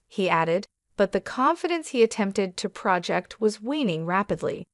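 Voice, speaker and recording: A woman reading a scripted first-person story in a steady, even manner. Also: medium pitch, moderate pace, few pauses, dry recording, clean studio sound. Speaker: narrator.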